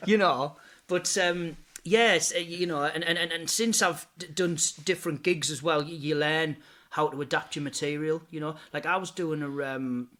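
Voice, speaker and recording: Bright, chatty British comedian. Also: male voice, on the high side, fairly even intonation, normal speed. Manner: chatty, laughs often, keeps saying "you know". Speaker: guest, impressionist and comedian. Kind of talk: casual interview chat.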